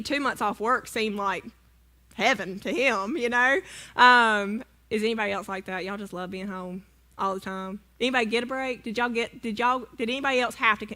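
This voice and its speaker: A woman's voice: medium pitch, pushed and bright. A woman, speaking to a church congregation, telling a humorous personal story in a chatty, self-deprecating way and asking the audience questions. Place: church sanctuary.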